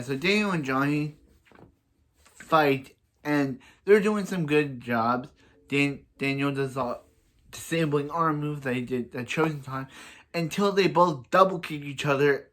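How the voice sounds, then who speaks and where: A young man talks through a TV episode in an easy, unscripted way. He gets excited and rambles, and he keeps breaking off and restarting his sentences. His voice sits at an ordinary middle pitch for a man. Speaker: fan reviewer. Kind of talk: casual episode review.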